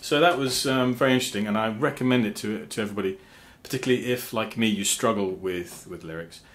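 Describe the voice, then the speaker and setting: A man talking casually to his viewers about songwriting, halting with fillers and restarts, and now and then humming rhythm syllables. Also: fairly low pitch, fairly bright tone. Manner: sings rhythm syllables to explain meter. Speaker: songwriter and channel host. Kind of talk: casual talk to camera.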